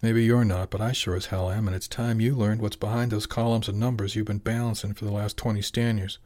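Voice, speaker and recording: A man's voice: on the low side, little pitch movement, a little fast, a little mellow, natural voice. A man voicing a jolly, determined middle-aged fishing boss who talks plainly and persuasively.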